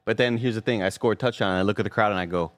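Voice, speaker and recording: A man's voice: fairly low pitch, rapid-fire. A man co-hosting a casual podcast, reading viewer messages aloud and rambling through jokes while laughing often. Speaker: co-host reading viewer super chats.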